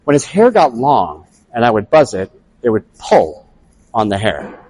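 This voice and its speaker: A man, a father, telling a personal story in a casual, animated way and acting out his own past thoughts as quotes. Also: medium pitch, a little slow, slightly rough.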